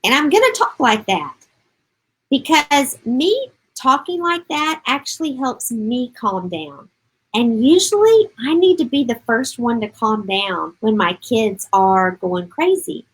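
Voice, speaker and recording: A woman's voice: fairly high pitch, very animated, slow, breathy edge, poor audio. A middle-aged woman coaching parents on a live stream, upbeat and encouraging, speaking directly to her viewers and answering their comments.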